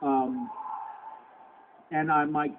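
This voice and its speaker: A man in his sixties telling stories as a convention panel guest, halting with many restarts. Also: fairly high pitch, level tone. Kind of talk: anecdotal Q&A talk. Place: convention hall. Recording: tinny lo-fi convention hall recording with background noise.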